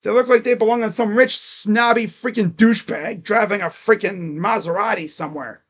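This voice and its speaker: A man's voice: sits high, moderate pace. A man vlogging as a sports fan, ranting in an exasperated, mocking way with swearing. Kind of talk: casual sports rant.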